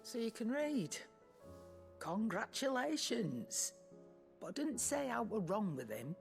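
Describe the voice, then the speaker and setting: An actress playing a gruff, suspicious older woman trader who talks curtly and sarcastically. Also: on the high side, sing-song, takes it slowly, soft background music, heavily acted. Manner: curt, sarcastic, dialect grammar.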